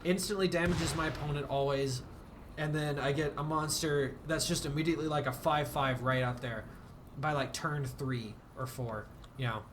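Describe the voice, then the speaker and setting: A man's voice: fairly high pitch, steady tone, moderate pace, noisy background. A man streaming a game, chatting casually and rambling, self-deprecating, with bursts of mock outrage. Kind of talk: casual game livestream commentary.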